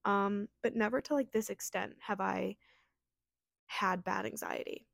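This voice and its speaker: Young woman, solo podcast host; fast, filler-heavy casual chat; dry close mic, mid pitch. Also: steady tone, vocal fry, fairly bright tone, dry recording. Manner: fast, chatty, lots of fillers.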